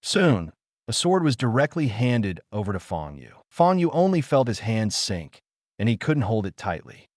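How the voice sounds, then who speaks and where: Male audiobook narrator; low pitch, expressive swings, dry close sound. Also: normal speed, dry recording. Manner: reads all characters in one voice with few changes. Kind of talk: scripted narration.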